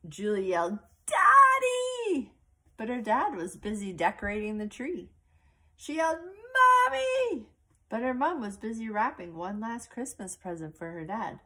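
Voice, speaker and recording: A woman reading a picture book aloud to a child, slowly and expressively, with little asides about the pictures. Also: medium pitch, slightly rough.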